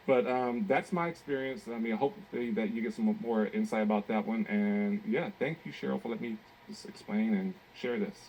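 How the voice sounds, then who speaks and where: Laid-back guy with a low voice sharing his experience, faint background hum. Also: steady tone, brisk, few pauses, a little mellow, lo-fi sound. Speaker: guest giving a testimonial. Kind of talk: casual spontaneous testimonial.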